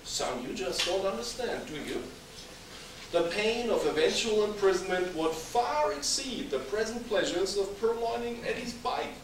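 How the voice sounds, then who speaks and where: A stuffy, patient father lectures his son in formal phrases, as a man reads him aloud. The voice is high and rides up and down. It is picked up from a distance in a very echoey hall with background noise. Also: animated, a little slow. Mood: lecturing. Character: patient, pompous middle-aged father. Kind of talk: reading a comic dialogue aloud. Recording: echoey hall, mic far off, noisy.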